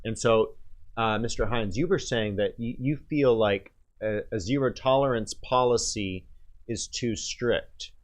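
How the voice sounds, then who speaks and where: A man hosting a radio talk show, giving his opinions in a hesitant way with many pauses and restarts. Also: mid-range voice. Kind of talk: casual talk radio discussion. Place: radio studio.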